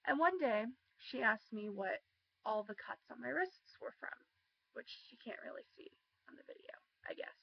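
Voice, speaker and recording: Teen girl, vocal fry, chatty, ums and likes, muffled home video. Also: fairly high pitch, lively intonation, normal speed, a little hiss or hum. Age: teenager. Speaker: vlogger. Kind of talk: casual storytime.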